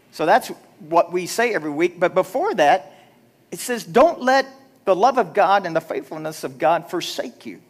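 A man's voice: high-pitched, expressive, normal speed. A middle-aged man, a pastor, preaching a chatty, self-deprecating sermon and acting out the dialogue in his stories. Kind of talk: sermon with storytelling. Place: church sanctuary.

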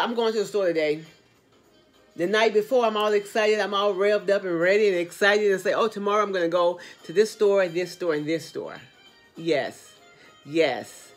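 Animated low-voiced woman motivating viewers. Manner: animated, encouraging, with sudden high exclamations; speaks to viewers directly, repeating phrases. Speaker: motivational host.

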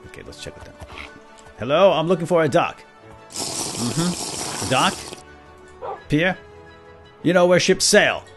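This man's voice is a little high, with big pitch swings; he speaks slowly and leaves long pauses. As a role-play gamer, he narrates in character as a bumbling, self-important knight who chats comically with his animal companions over faint background music.

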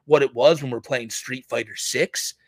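A man's voice: mid-range voice, fairly even intonation, moderate pace, no room sound. A man co-hosting a stream show in casual banter, rambling and swearing, often restarting his sentences. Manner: rambling, profane, restarts a lot. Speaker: co-host of a parody stream show.

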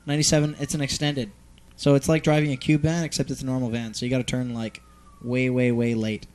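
A man's voice: medium pitch, level tone, fast talker, a little mellow, a little hiss or hum. A man hosting a show, telling a long story in casual chat, rambling, swearing freely and using plenty of fillers. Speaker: host.

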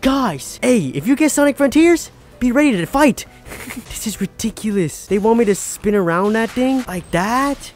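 Exasperated gamer yelling over game music. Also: male voice, very high-pitched, lively intonation, normal speed. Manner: exasperated, yelling in frustration, swings from mutters to shouts. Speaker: gaming YouTuber. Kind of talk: let's play commentary.

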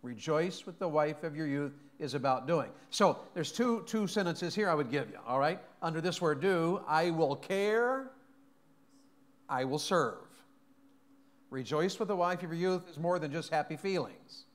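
A man's voice: on the high side, normal speed, hardly any pauses. Folksy preacher man. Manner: folksy, joking, asks the congregation questions. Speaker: pastor. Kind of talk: sermon. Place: church sanctuary.

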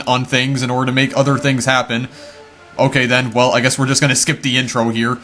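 A man's voice: mid-range voice, a bit bright. A man commenting on a video game as he plays it, often repeating his words when he is unsure. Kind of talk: let's-play commentary.

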